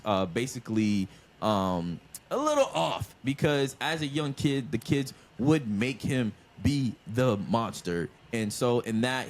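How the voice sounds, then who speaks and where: A man's voice: lowish voice, a little hiss or hum. A man co-hosting a casual podcast debate, laid-back and explaining at length with plenty of fillers. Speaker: podcast co-host.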